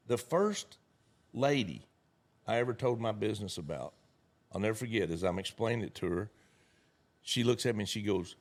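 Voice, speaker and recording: A man's voice: fairly low pitch, expressive, normal speed, pauses often. A middle-aged man, telling folksy stories in a casual conversation and acting out the people he quotes. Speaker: network marketing leader, guest speaker.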